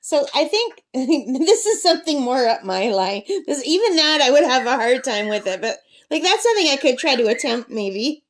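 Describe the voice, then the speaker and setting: A woman's voice: sits high, big pitch swings, normal speed, hardly any pauses. A woman hosting her own craft channel, chatting enthusiastically through an art book review and talking to her pet parrot. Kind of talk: casual book review vlog. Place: at a campsite.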